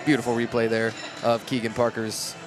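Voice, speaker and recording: A man doing lively, joking play-by-play commentary on a livestream, chatty and excitable, a bit out of breath. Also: mid-range voice, fairly quick, a loud crowd.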